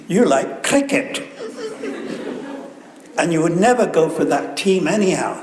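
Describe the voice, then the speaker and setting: A man's voice: a little high, expressive, a little slow, long pauses, darkish tone, a little hiss or hum. A man giving a sermon at a temple, telling stories with joking asides in a conversational way. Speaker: visiting guru giving a talk. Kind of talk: sermon with anecdotes. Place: temple hall. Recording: echoey hall, faint room ambience.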